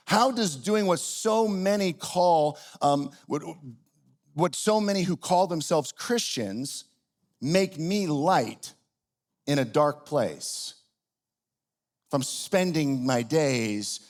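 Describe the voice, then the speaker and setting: A middle-aged man preaching a sermon in a relaxed, conversational way, often restarting his sentences and poking fun at himself. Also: on the high side. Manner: conversational, self-deprecating, with frequent restarts. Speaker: pastor. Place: church auditorium.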